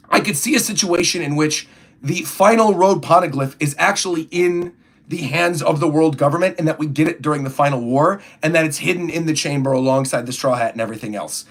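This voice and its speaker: A man's voice: a little high, fairly bright tone. A young man chatting casually on a livestream, rambling through his thoughts and reading viewer comments aloud. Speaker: streamer reacting to a comic chapter.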